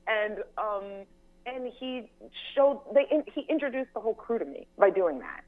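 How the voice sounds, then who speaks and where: A woman's voice: mid-range voice, normal speed. Young woman telling stories over a phone line. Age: young adult. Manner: animated storyteller, acts out quotes, laughs often. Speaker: guest, TV writer and producer. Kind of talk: casual anecdotal interview.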